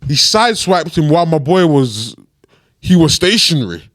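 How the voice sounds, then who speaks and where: A young man, co-hosting a podcast and telling stories with expressive delivery. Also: a little high, normal speed, dry recording, clean studio sound. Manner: expressive storyteller, acts out quotes. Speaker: podcast co-host. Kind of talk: casual chat.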